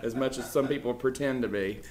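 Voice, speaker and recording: A man teaches a Bible class in a casual, emphatic way. His voice sits at an ordinary middle pitch, and he keeps restarting his sentences with "you know." The sound has the echo of a roomy church classroom. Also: fairly quick, a little mellow. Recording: echoey room.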